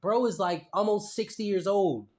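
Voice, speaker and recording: Brief: man, high voice, skeptical commentator who repeats himself while picking apart a statement. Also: normal speed, a little mellow. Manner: repeats phrases, skeptical and mocking. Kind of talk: casual commentary reading a statement aloud.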